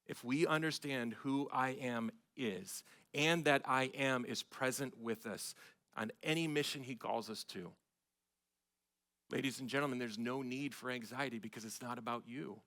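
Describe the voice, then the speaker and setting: A middle-aged man, a pastor, preaching a sermon with emphatic swells of loudness on key phrases. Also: medium pitch, normal speed. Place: church sanctuary.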